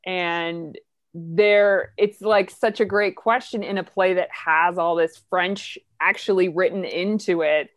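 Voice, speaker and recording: A woman hosting a casual chat about Shakespeare, chatty and quick to laugh. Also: on the low side, fairly even intonation, no room sound. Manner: chatty, laughs often, many fillers. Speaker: podcast host.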